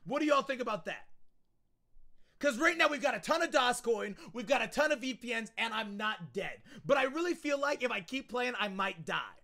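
A man streaming a video game live, excitable and loud, chatting with viewers and often repeating his phrases. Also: extremely high pitch, normal speed. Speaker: gaming streamer. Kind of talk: energetic livestream chat.

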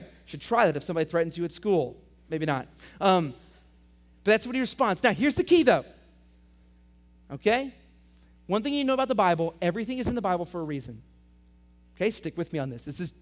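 A young adult man preaching to middle schoolers as their pastor, energetic, swinging between loud emphatic lines and quiet intense questions. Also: sits high. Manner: reads scripture aloud, asks students direct questions. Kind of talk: youth sermon.

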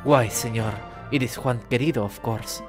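A man voicing a sly male fox detective who poses as a prince, speaking smoothly, quietly and theatrically. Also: mid-range voice, moderate pace, music in the background, natural voice.

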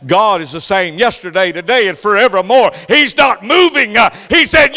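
An older man preaching a sermon as pastor, swinging from loud, fervent delivery to soft whispers. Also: high-pitched, big pitch swings, moderate pace, in a large hall.

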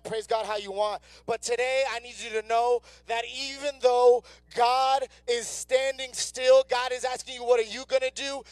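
A man's voice: extremely high pitch, dry recording. A young man preaching a conversational sermon as youth pastor, acting out people's doubts in their own words. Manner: conversational preaching, acts out inner voices. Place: church sanctuary.

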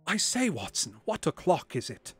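A man's voice: fairly high pitch, huge pitch swings, normal speed, slightly rough, voice pushed up, exaggerated voice. A man voicing a drug-dazed, frantic young man who talks in a shaky, pleading way, over faint background music.

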